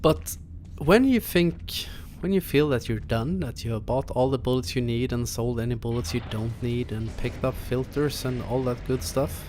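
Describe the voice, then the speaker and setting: A young man hosting a gaming channel, talking through a walkthrough in a relaxed, chatty way with chuckling asides. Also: mid-range voice, a little hiss or hum. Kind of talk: casual gameplay commentary.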